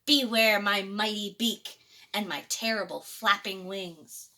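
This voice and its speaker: A woman voicing a small, brave, calm hen in a storybook reading. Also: medium pitch, slow pace. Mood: plucky.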